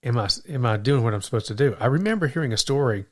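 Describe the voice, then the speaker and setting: A man co-hosting a Christian podcast tells stories with lots of energy, stumbling and repeating words as he starts sentences in a faith-focused conversation. His medium-pitched voice has a darkish tone, and he talks fast and animatedly.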